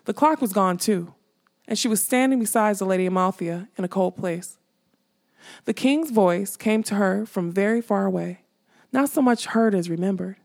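Brief: female fantasy audiobook narrator, even and steady, slight vocal fry. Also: medium pitch, moderate pace. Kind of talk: scripted narration.

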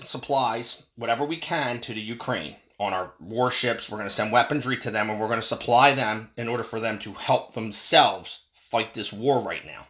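A man giving a profane, angry political rant, with big swings in pitch when he stresses a point. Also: bright, forceful tone. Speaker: political commentator.

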